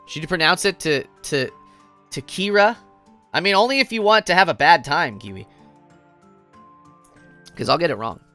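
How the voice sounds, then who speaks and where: A man's voice: fairly high pitch, very animated, moderate pace, pauses often, pushed and bright, soft background music. A young man live-streaming a game, playful and giggly, chatting with his viewers.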